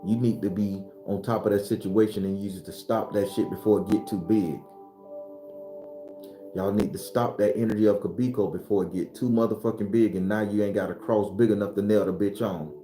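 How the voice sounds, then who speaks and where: A man giving a blunt, profane, preachy spiritual talk, whose voice climbs and gets loud when he is fired up. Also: fairly low pitch, steady tone, brisk, echoey room, faint music behind. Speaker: spiritual teacher.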